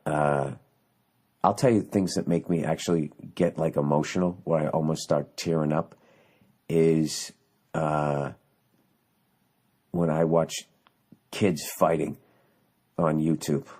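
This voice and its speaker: A man's voice: extremely low pitch, dark tone, husky. A man hosting a podcast, delivering a profane, sarcastic comedic rant that rambles through restarts and asides. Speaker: podcast host.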